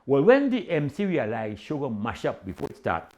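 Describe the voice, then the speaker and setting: Lively Trinidadian male storyteller. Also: medium pitch, a little fast. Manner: animated Caribbean-dialect storytelling with voiced quotes. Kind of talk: comic storytelling.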